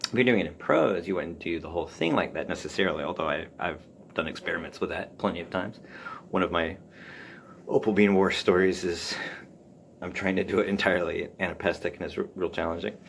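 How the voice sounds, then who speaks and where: A man hosting a solo podcast, musing aloud about writing in a halting way, full of ums and restarts. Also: deep voice, creaky, a little hiss or hum. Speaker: podcast host. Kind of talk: casual solo talk on writing.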